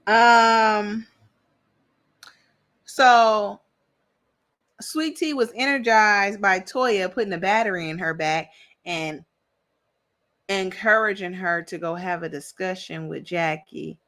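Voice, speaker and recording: A woman's voice: mid-range voice, slow, pauses often, fairly bright tone. A woman giving a casual, sassy recap of a reality show, chatty and opinionated, with plenty of slang. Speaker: reality TV commentator.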